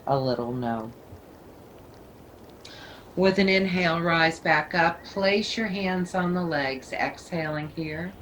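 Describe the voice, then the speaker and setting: Slow, low-voiced yoga teacher woman. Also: slight background noise, poor audio. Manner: calm, slow, soothing cues. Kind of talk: guided yoga instruction.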